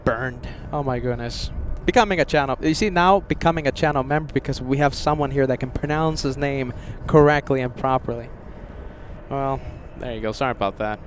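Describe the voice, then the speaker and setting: A man's voice: mid-range voice, brisk. American guy streaming from outside an airport, chatty and friendly, bit of traffic hum. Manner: chatty, upbeat, thanks viewers by name. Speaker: livestream host. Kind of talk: casual live commentary. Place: outdoors by an airport. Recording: faint outdoor traffic noise. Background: faint street and vehicle noise.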